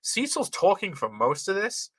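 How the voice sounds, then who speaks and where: A man's voice: high-pitched, wildly swooping pitch, moderate pace, a bit bright, breathy edge, no room sound. A man with a slightly posh British accent, chatting casually and rambling a bit as he talks about his animation work, swearing freely. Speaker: animator and video host. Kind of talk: casual commentary.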